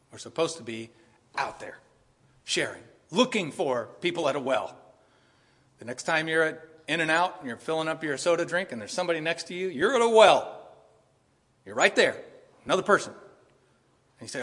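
Man, preacher, emphatic sermon, husky voice, reverberant church hall. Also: fairly high pitch, a little fast. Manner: animated, emphatic preaching with repetition.

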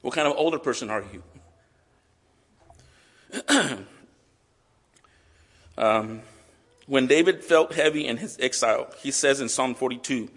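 A male pastor preaching a sermon earnestly and with emotion, reading scripture aloud slowly. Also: mid-range voice, fairly bright tone. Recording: long hall reverb.

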